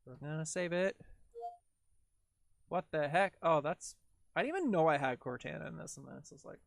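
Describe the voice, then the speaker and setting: A man's voice: fairly high pitch, expressive, normal speed, vocal fry, slight background noise. A man with a Canadian accent chatting casually on a livestream while he edits video, rambling, full of "like" fillers and talking to himself as he works.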